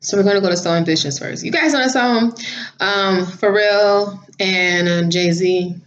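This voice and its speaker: A woman vlogging casually, telling a story in a chatty, animated way and laughing now and then. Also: mid-range voice, unhurried. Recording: slightly dull lo-fi audio.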